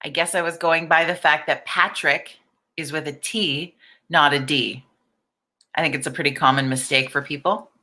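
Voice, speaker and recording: A middle-aged woman hosting a casual live stream has a deep, pushed and bright voice with fairly even intonation at a normal speed. She talks candidly, swears freely and greets her viewers by name.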